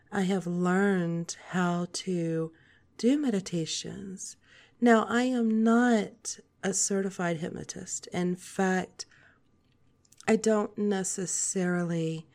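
A woman in her forties hosting a podcast, talking in a soft, calm, steady monologue. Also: lowish voice. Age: 40s. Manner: soft, calm, slow-paced delivery. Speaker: podcast host.

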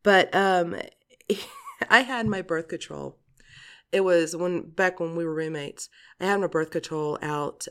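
A woman's voice: deep voice, vocal fry, a bit bright. A woman in her forties hosting a podcast, talking in a chatty, rambling monologue, laughing often and swearing casually. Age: 40s. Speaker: podcast host.

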